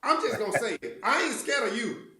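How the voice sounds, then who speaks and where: A man co-hosting a church talk show, lively and folksy, laughing as he makes his points. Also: very high-pitched, brisk, roomy sound, background noise. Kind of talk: casual faith discussion.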